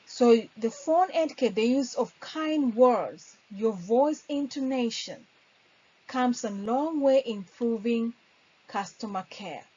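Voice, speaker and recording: A woman's voice: on the high side, slow, mellow. Woman teaching customer service, lo-fi. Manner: earnest, acts out sample phone lines. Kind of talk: instructional talk.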